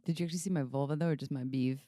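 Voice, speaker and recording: A woman's voice: a bass voice, steady tone, rapid-fire, warm tone, dry recording. A woman co-hosting a podcast as a sex educator, talking frankly and playfully in casual chat. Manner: frank, playful, laughs often.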